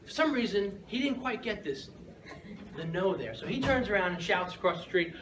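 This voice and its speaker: A man's voice: sits high, very animated, moderate pace, fairly bright tone. A man giving a humorous storytelling speech at a speaking club, keeps checking in with "right?" and chuckles often. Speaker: Toastmasters speaker. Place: room with an audience. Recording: echoey room from far off, noisy.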